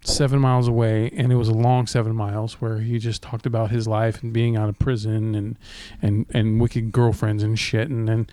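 A man's voice: on the low side, level tone, moderate pace, hardly any pauses, dark tone, dry recording. Podcast co-host, man, swears a lot, acts out the voices in his stories, dry close mic. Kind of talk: casual podcast chat.

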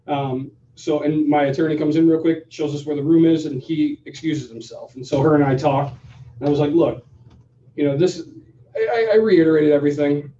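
A man co-hosting a podcast, telling a story in a casual, animated way and acting out both sides of the conversation. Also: a little high, a little hiss or hum. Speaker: podcast co-host. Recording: roomy, distant, dull sound.

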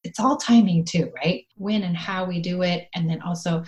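A middle-aged woman with a low-leaning, slightly mellow voice co-hosts a parenting podcast at normal speed. Her casual advice chat is earnest and encouraging, and now and then she acts out playful scenes.

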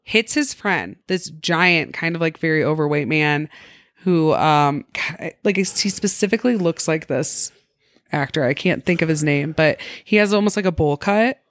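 Animated young woman telling stories. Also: deep voice, normal speed, no echo. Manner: animated, laughing, acts out quoted people. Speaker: podcast co-host. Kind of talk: casual storytelling chat.

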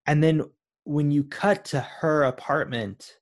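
Curious male co-host who questions his partner and builds his theories slowly, full of fillers. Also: fairly high pitch. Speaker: podcast co-host. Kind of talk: casual film discussion.

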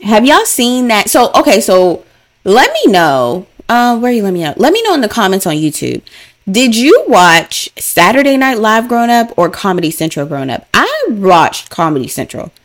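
A woman hosts her own podcast in a loose, chatty way. She sounds playful and animated, repeating phrases for effect, and her voice sits at an ordinary middle pitch. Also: moderate pace. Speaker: podcast host. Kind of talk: casual solo podcast chat.

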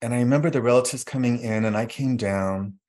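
A man telling his life story reflectively, halting often with fillers. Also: medium pitch, darkish tone. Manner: reflective, halting with fillers, acts out quoted voices. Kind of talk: personal storytelling.

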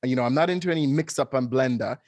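Male podcast co-host, talkative storyteller, medium pitch, dry close recording. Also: fast, dry recording. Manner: chatty, animated storyteller who laughs often. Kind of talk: casual chat.

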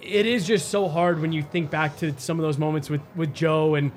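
Higher-voiced man musing about hockey. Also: fairly even intonation, moderate pace. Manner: thoughtful, musing, with many restarts. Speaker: podcast host. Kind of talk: casual sports chat.

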